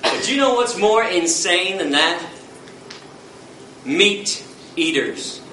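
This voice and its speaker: A man's voice: high-pitched, animated, slow pace, sharp tone, a little hiss or hum. A man from the United States giving a passionate public lecture, blunt, fiery and confrontational, heard from far off in an echoey hall.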